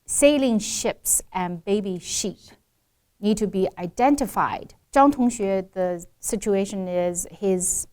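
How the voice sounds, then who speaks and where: A woman working as an accent coach, explaining and demonstrating English pronunciation slowly and carefully in a lesson chat. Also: medium pitch, darkish tone.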